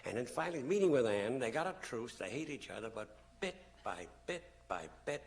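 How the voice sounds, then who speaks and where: A man's voice: medium pitch, big pitch swings, fairly quick. A man giving a public lecture to an audience, telling stories animatedly and acting out the people he quotes. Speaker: public speaker.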